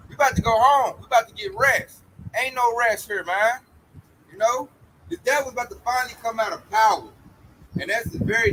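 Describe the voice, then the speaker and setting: A man's voice: extremely high pitch, sharp tone, a little hiss or hum, low-quality recording. A man preaching in an emphatic, slangy street style about coming judgment.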